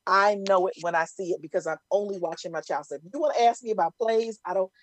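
A middle-aged woman chatting casually and telling lively stories, acting out other people's voices as she goes. Her voice is mid-pitched, and the sound is dry and close. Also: quick pace, dry recording. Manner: animated storytelling, acts out voices. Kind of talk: casual chat.

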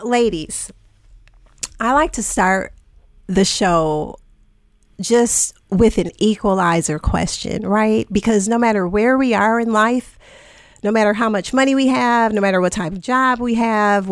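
A woman's voice: medium pitch, no echo. A woman hosting a podcast in a studio, introducing her guests with enthusiasm and chatting casually. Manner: enthusiastic, effusive. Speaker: podcast host. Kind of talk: upbeat show introduction and casual chat.

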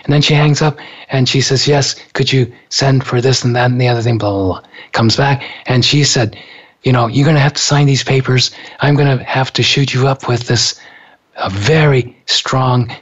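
A man's voice: medium pitch, normal speed, husky. An older man casually telling a personal story, laughing often and acting out the people he quotes. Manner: laughing, animated, acts out quoted voices. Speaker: storyteller recounting his heart attack. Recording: dull lo-fi recording.

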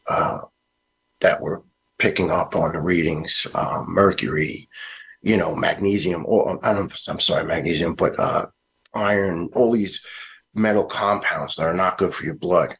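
A middle-aged retired fire lieutenant with a New York accent, answering an interview question in a halting, earnest way with many restarts. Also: male voice, sits low, fairly bright tone. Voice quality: gravelly, husky. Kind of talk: interview answer, personal account.

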